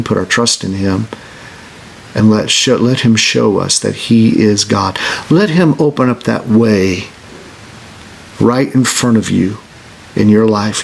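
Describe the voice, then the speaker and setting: A man preaching a sermon as pastor, earnest, restarting phrases and slowing down on scripture. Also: fairly low pitch, vocal fry, a little hiss or hum. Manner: earnest, repeats words when starting a phrase.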